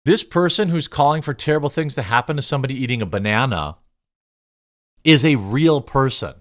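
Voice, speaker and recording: A man hosts a reaction commentary, sarcastic and mocking in tone. His pitch swings up and down, and he often stammers and restarts mid-sentence. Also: expressive, fairly quick. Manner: sarcastic and mocking, bursts of laughter. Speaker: commentary show host.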